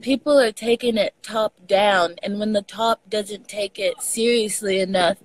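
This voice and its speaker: A young woman with a Texan accent, chatting as a podcast guest, animated, laughing often and swearing casually. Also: mid-range voice, measured pace, low-quality recording. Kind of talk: casual conversation.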